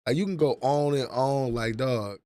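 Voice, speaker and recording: A man's voice: mid-range voice, normal speed, warm tone. A man in his forties chatting casually on a livestream, profane and rambling as he reminisces. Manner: profane, rambling, nostalgic storytelling. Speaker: livestream host.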